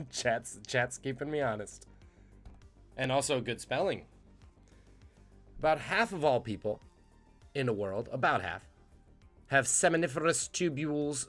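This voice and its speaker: A man's voice: mid-range voice, fairly bright tone. A man hosting a live trivia stream, joking and reading out the chat's guesses. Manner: jokey, punning, reads chat aloud. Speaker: trivia quiz host.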